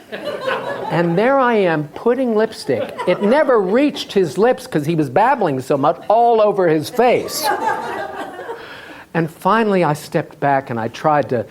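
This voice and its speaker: A man telling a humorous story on stage as a live storytelling performance, in an animated way with laughs in his voice. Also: high voice, background noise. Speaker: storyteller, tour guide. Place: festival stage before an audience.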